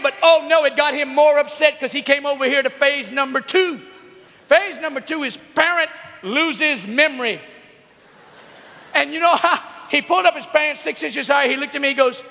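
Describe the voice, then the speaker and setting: High, gravelly man shouting stories in an arena. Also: moderate pace, long pauses, some chatter behind, slight background noise. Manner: animated storytelling, often shouting. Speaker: youth speaker. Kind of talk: comedic motivational talk to teens. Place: large arena. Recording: long echo of a big arena.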